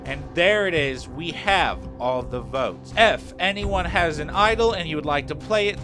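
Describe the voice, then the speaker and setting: Young male storyteller; high, bright voice, casual and profane, faint background music. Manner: slangy, profane, filler-heavy storytelling.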